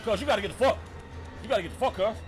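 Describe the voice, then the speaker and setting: A man giving loud, profane, frustrated let's-play commentary while playing a horror game. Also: high-pitched, very fast, soft background music.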